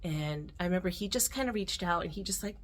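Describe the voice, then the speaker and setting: A middle-aged American woman with a slightly low voice tells a personal story to the camera. She talks earnestly and with feeling, pausing to restart her sentences and filling gaps with little "uh"s and "you know"s. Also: lively intonation. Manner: earnest, emotional, with restarts and fillers. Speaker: vlogger.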